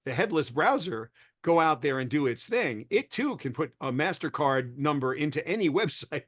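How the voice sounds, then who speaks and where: A man's voice: a little high, very animated, normal speed, husky, no echo. Man, interview guest, conversational, rambling, self-correcting, dry recording. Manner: rambling, self-correcting, explains with everyday examples. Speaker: interview guest, tech expert. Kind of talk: conversational explanation.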